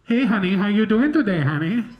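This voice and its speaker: A man voicing a sweet middle-aged woman fast-food worker who calls everyone honey in a singsong voice. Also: high-pitched, expressive, highs cut off, pitched above the performer's own voice. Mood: sugary.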